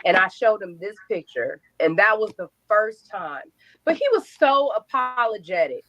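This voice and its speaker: A young adult woman telling her own story in an interview, animated, acting out quotes and swearing freely. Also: medium pitch, moderate pace, highs cut off.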